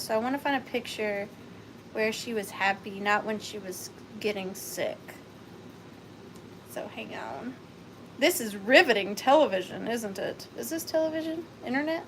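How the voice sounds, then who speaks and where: A woman's voice: a little high, animated, normal speed, slight background noise. A woman hosting a live online vintage sale, chatting casually and rambling with playful wordplay. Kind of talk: casual live-stream chat.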